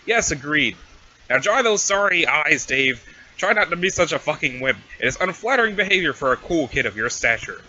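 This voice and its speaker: Man voicing a teen troll girl, teasing, overexcited, bright, dull lo-fi sound. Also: fairly high pitch, sing-song, fairly quick, heavily acted. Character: smug playful teenage alien troll girl. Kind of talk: reading a webcomic aloud with voices.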